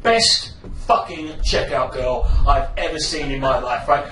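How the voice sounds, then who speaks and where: A man performing a stand-up comedy routine on stage, swearing heavily and building into shouted rants. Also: medium pitch, lively intonation, measured pace. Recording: echoey live venue, far from mic.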